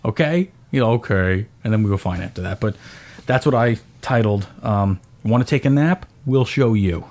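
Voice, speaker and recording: Here a thirties-aged podcast host, voice on the low side and pace normal, shares a story in easygoing chat. With animation, he acts out his own voice in quotes, yelling included.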